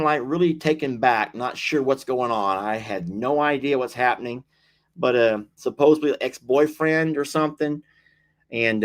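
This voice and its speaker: A man's voice: on the high side, fairly bright tone. A man hosting a casual livestream, chatting, reading viewer comments aloud, laughing often and teasing. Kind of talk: casual live-stream chat.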